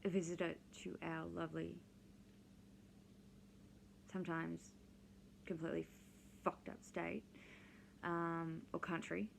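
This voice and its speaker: A woman chats casually for her vlog, drifting from one story to the next. Her voice sits a little low, with a gravelly fry, and she takes her time. A steady hiss of noise runs under the recording. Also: slow pace, long pauses. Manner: rambling, digressive, with many ums. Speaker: vlogger. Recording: noisy background hiss.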